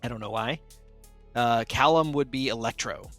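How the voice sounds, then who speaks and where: A man hosting a casual podcast chat, briskly running listener questions and laughing easily. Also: medium pitch, fairly bright tone, soft background music. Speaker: podcast host.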